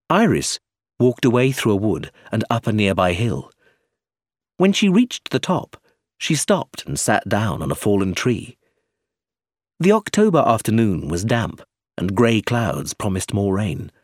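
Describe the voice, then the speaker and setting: A man reading a novel aloud with a low, husky voice. His delivery swings widely in pitch, and the recording is close and dry. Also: sing-song, a little slow, no echo. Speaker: narrator. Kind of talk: audiobook narration.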